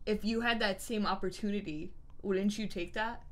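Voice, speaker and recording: A woman co-hosting a game stream, chatting casually and relaxed. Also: medium pitch, moderate pace. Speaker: streamer co-host. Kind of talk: casual chat while gaming.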